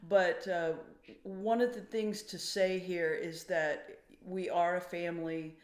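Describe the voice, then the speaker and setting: A woman's voice: lowish voice, fairly even intonation, slow pace, a little mellow. A woman, a songwriter, giving interview answers in a thoughtful, emotional way. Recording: echoey room.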